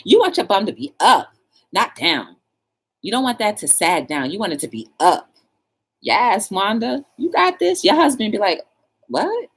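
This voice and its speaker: A woman hosting her own talk show, chatting casually and coaching a viewer with playful, animated encouragement. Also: normal speed, slightly rough. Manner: animated, playful, coaching with squealing high bursts and laughs.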